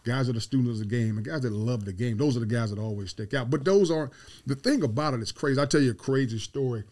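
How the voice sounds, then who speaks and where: A man's voice: mid-range voice, fast, a little mellow. A middle-aged man, a football head coach, telling stories as a podcast guest and repeating his key phrases with emphasis. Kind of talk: storytelling interview.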